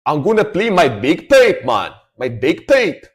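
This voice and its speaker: A man putting on a playful mock Scottish voice as a laid-back Scottish man, loud and exaggerated. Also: a little high, wildly swooping pitch, measured pace, soft background music, pitched above the performer's own voice. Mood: jokey.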